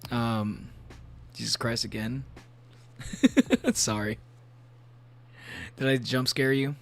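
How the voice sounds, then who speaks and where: A man's voice: mid-range voice, extremely slow, gravelly. Rambling, laughing male streamer at home. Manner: rambling, animated, laughs often between thoughts. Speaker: VTuber streamer. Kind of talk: casual live-stream chat while gaming.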